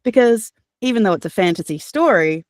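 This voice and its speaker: An Australian woman talks about narrating audiobooks in a lively, chatty manner, stumbling over restarts and fillers as she goes. Her voice sits at an ordinary middle pitch. The recording is dry and close, with no room sound. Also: fairly quick, no echo. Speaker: guest, voice actor and audiobook narrator. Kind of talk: casual interview answer.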